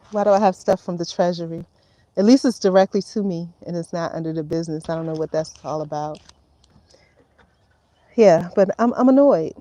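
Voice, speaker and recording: A woman's voice: medium pitch, mellow, dry recording, rough recording. Chatty, laughing woman in her fifties. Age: 50s. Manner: rambling, frank, laughs often, swears. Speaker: vlogger. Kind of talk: casual talk to camera. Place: at home, indoors.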